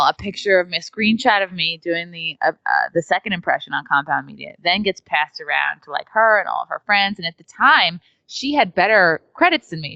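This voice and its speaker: Woman from New York, comedian, chatty storytelling, filler-heavy, lowish voice, dry lo-fi audio. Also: sharp tone, no room sound. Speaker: comedian, podcast guest. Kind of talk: casual storytelling in an interview. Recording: dry, dull lo-fi sound.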